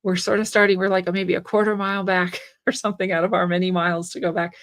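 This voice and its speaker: A woman's voice: lowish voice, level tone, fast talker, hardly any pauses. A woman from the Pacific Northwest hosting a tarot channel, talking in a chatty, rambling way with frequent laughs and fillers before reading the cards. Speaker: tarot reader and channel host. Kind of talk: casual monologue, tarot reading.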